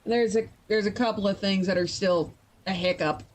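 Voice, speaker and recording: A woman's voice: mid-range voice, steady tone. A tired woman chatting playfully with her live-stream viewers as she gets ready to write. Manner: chatty and playful, quick to laugh. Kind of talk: casual live-stream chat.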